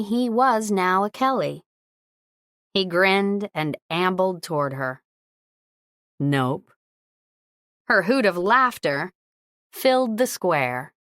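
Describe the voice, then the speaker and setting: A woman narrating a romantic comedy audiobook in an even, measured way. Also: mid-range voice, no room sound, studio quality. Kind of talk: scripted narration.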